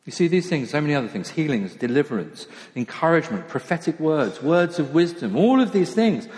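A man preaching a sermon in a church in a conversational, self-deprecating way, dropping into quiet asides. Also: on the high side, big pitch swings, a little fast. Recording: long church hall reverb.

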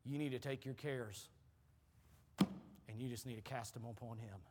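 A middle-aged man preaching a sermon as a pastor, telling a story with repeated words and dropping low and soft for emphasis. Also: fairly even intonation, moderate pace, very noisy. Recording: long hall reverb.

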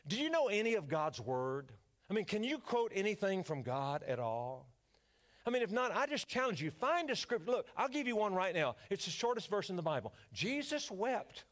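Fervent preacher man, fairly high voice. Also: very animated, fairly quick, a bit bright. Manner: preachy call-and-response, rising to fervent declarations. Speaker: pastor. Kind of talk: sermon. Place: church.

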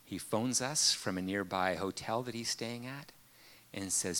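A man preaching a sermon, telling a personal story earnestly with many pauses and fillers. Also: on the low side, fairly bright tone.

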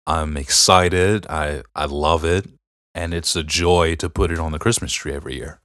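Man, middle-aged, deep low voice, earnest rambling storyteller, casual chat, dry close sound. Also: fairly even intonation, normal speed, a bit bright, no echo. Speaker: podcast co-host.

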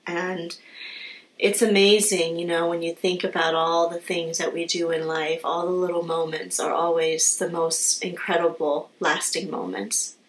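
Female interview host, low and even, warmly affirming the guest. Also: measured pace, poor audio. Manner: encouraging, affirming.

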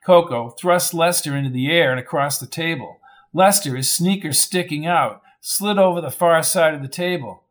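A man narrating a crime novel in a steady, measured reading. His voice sits a little high for a man. He keeps an even, storytelling pace through the scenes. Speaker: audiobook narrator. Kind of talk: scripted narration.

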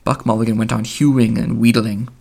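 A man reading literary fiction aloud as an audiobook, in a measured way with small slips. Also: mid-range voice, level tone, creaky, warm tone. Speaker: audiobook reader.

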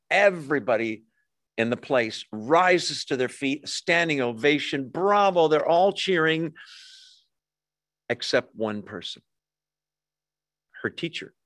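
A man's voice: fairly high pitch, fairly bright tone, no room sound. A middle-aged man, a pastor, preaching a sermon in a conversational way, with jokey asides to the congregation.

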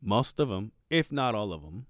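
A man's voice: fairly low pitch, normal speed, no room sound, studio quality. A man co-hosting a podcast, telling a work story in casual chat, swearing and acting out quotes with his voice jumping up. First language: Spanish. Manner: animated, swearing, acts out quotes with rising voice. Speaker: podcast co-host.

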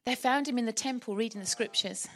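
A woman preaching a sermon in church, lively and humorous. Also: a little high, quick pace. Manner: lively, humorous and animated, often laughing.

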